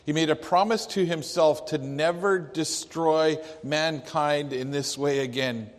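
A man preaching a sermon, telling a story slowly and deliberately, with some restarts. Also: on the high side, in a large hall. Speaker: pastor.

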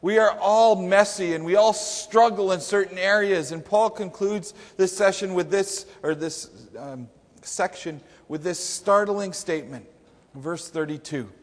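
A man in a church sanctuary preaching a sermon, talking in a conversational yet emphatic way and putting questions to the congregation. His voice sits somewhat high for a man, and it trails into a long reverb from the hall around him. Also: measured pace. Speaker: pastor.

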